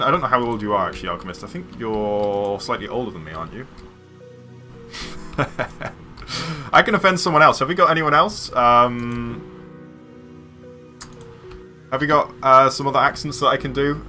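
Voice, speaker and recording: A man's voice: mid-range voice, sharp tone. A man streaming a building game, chatting casually with viewers in a rambling way full of fillers. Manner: rambling, many fillers, chuckling to chat. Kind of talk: casual live-stream chat while playing.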